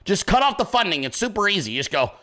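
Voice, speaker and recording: A furious male commentator who hosts his own show and tears into his targets with profanity and sarcasm. His voice is high and cutting, and the delivery sounds forceful and tense. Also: sing-song, quick pace. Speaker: host of a political commentary show. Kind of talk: profane political rant.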